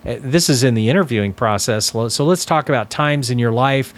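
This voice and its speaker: A man coaching financial advisors in a deliberate, instructional talk, stressing key words as he explains. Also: medium pitch.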